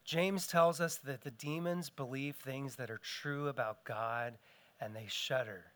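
A man's voice: medium pitch, steady tone, unhurried, a bit bright. A middle-aged man preaching a sermon as pastor in an earnest style, his voice rising and falling for emphasis.

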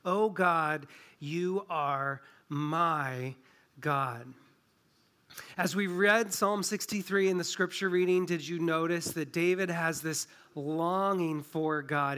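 A middle-aged man preaching a sermon as a pastor, earnest and unhurried, slowing down to dwell on quoted verses. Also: sits high, pushed and bright. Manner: earnest, slows down to stress scripture quotes.

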